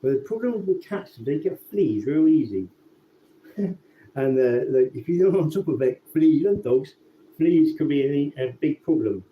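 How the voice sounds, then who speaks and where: A man's voice: a little high, moderate pace. Sweary man on a tinny line. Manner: sweary, relaxed, rambling with restarts. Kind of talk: casual rambling storytelling. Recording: tinny phone-like sound with faint background noise.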